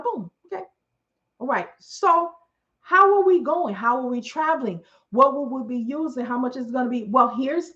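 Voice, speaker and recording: A woman telling a long story in a casual, animated way, acting out what other people said. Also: sits high. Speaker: storyteller host. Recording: muffled lo-fi recording.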